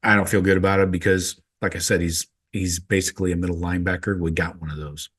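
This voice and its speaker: A man's voice: sits low, level tone, fast talker, a bit bright, slightly rough. A man hosting a podcast, giving a casual, rambling update with wry asides and plenty of ums. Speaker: podcast host.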